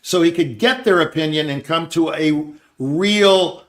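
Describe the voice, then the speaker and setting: A man's voice: a little high, unhurried. An older man hosting a talk show, rambling and thinking aloud in casual conversation. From Scottsdale, Arizona area. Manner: rambling, restarts, quotes others in put-on voices. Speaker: show host.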